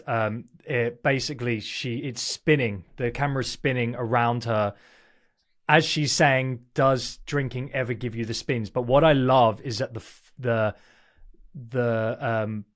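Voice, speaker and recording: A man co-hosting a casual chat about ads, animated and prone to restarts. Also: medium pitch. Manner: animated, restarting, laughing easily. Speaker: co-host.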